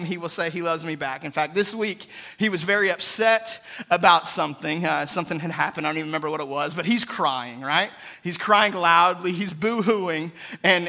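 A man's voice: high voice, bright, forceful tone. A man in his thirties preaching a sermon in an earnest, conversational way, often adding "right?" asides. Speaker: pastor.

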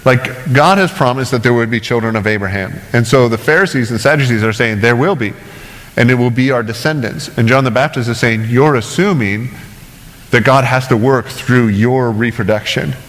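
A man preaching a sermon in a relaxed, conversational way, cracking jokes and checking in with the congregation. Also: medium pitch, moderate pace. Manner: conversational, joking, asks "right?" often. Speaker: pastor. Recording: long hall reverb.

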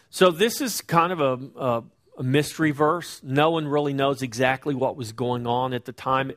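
A middle-aged pastor preaching a sermon in a conversational way, slowing down to stress key words. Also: male voice, mid-range voice.

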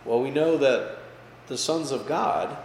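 An unhurried pastor, mid-pitched and casual, gives a chatty Bible study lesson in a spacious, echoing hall with long reverb after each phrase. He repeatedly asks "okay?" and "right?" and raises his voice to make key words land, while a faint hum sits underneath.

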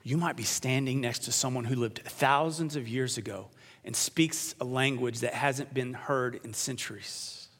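A male pastor preaching a sermon in a church. He leads the congregation in call and response and drops to a hush on key words. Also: medium pitch, moderate pace. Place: church sanctuary. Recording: long reverb of a large church.

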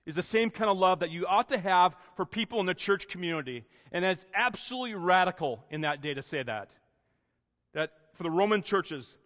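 Pastor, male, slightly high voice; earnest conversational sermon delivery with a long hall reverb. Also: a bit bright. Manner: earnest, conversational preaching with restarts.

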